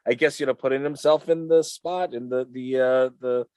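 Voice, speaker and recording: A man's voice: mid-range voice, fairly even intonation, moderate pace, a little mellow, clean tone, dry recording. A man co-hosting a podcast in a casual chat, joking, crude and emphatic. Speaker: podcast co-host.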